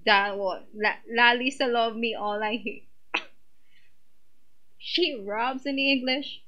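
A young woman with a bright, tense edge to her voice. She reacts at a slow, drawn-out pace, gushing, exclaiming and cursing as she hosts her own reaction commentary. Her pitch sits a little high. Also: fairly even intonation, lo-fi sound. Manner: gushing, exclaims and swears often. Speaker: reaction video host.

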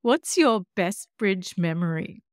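A woman's voice: mid-range voice, lively intonation, slow pace, no room sound, clean studio sound. A woman co-hosting an interview show, asking light, teasing questions. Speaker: co-host.

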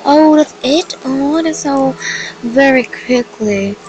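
A woman's voice: high voice, slow pace, darkish tone, a little hiss or hum, rough recording. Gushing young woman playing a game. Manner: gushing, exclaims often, slightly broken non-native phrasing. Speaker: gaming video creator. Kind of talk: excited casual game commentary.

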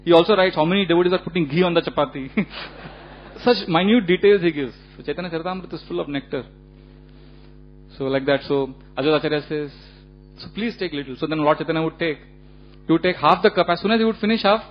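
A man giving a religious lecture, telling stories in an animated way with frequent chuckles and casual fillers. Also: fairly high pitch, quick pace. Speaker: speaker giving a temple lecture. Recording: dull lo-fi recording with faint hum.

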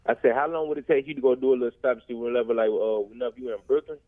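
A man's voice: medium pitch, rapid-fire. Southern man calling in, tinny phone. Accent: Southern American. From Tennessee. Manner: laid-back, drawling, repeats his question. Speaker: caller. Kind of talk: phone-in call.

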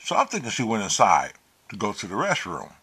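A man telling a profane, animated story, acting out the quotes. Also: lowish voice, fairly quick, husky. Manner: animated, swears freely, acts out quotes. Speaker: vlogger.

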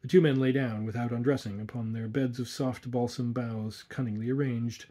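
Mellow, husky male storyteller. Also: medium pitch, steady tone. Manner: measured, atmospheric storytelling. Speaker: audiobook narrator. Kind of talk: scripted narration.

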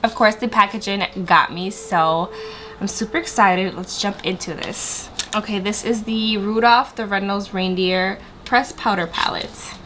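A woman's voice: medium pitch, steady tone, measured pace, pushed and bright. Chatty makeup vlogger lady, stuffy nose, talking to camera, faint hiss behind. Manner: bubbly and chatty, addressing viewers directly. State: stuffy, congested. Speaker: beauty vlogger. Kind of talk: casual sit-down makeup review.

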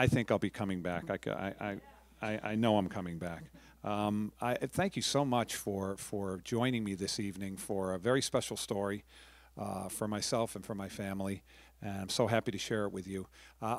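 A middle-aged man from New York, a professional storyteller giving a chatty talk to a live audience, with friendly asides and restarts. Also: medium pitch.

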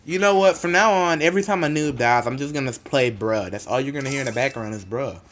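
A man giving live gameplay commentary in a jokey, excitable way, bursting into loud outbursts and then muttering low. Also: fast talker. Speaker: gaming commentator.

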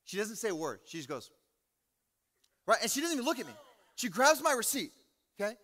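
A man preaching a sermon, telling stories with animated, acted-out quotes and frequent laughs. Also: sits high, brisk. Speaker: pastor. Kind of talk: sermon storytelling. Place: large church hall. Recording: echoey hall.

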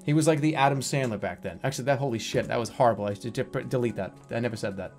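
A man's voice: medium pitch, quick pace, hardly any pauses, a little mellow. A man in his thirties, a livestreamer rambling through a casual chat and swearing freely. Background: faint music.

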